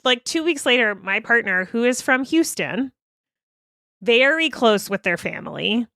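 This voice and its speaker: A woman guest on a podcast, telling a personal story in casual, animated chat, swearing freely. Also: on the high side, a little slow, vocal fry, dry recording, studio quality.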